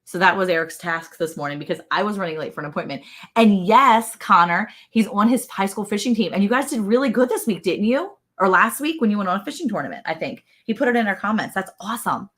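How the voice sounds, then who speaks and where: A woman in her forties with a Southern US accent, co-hosting a casual livestream, telling an animated story and greeting viewers by name. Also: mid-range voice, quick pace. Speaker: livestream co-host.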